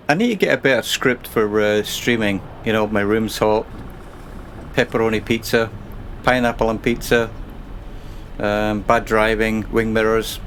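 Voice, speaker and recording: A man's voice: on the low side, a bit bright, a little hiss or hum. A man casually commentating his own driving game stream, chatting and rambling to himself and his viewers.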